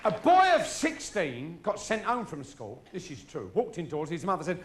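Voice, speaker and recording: A man's voice: fairly high pitch, huge pitch swings, normal speed, few pauses. A middle-aged man telling crude stories in a stand-up routine, swearing freely. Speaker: stand-up comedian. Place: live show before an audience.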